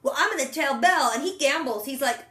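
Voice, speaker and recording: A young woman in casual chat, animatedly retelling a TV episode and slipping into quick quoted voices for the characters. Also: high-pitched, expressive, a bit bright, roomy sound. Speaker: podcast co-host recapping a TV episode.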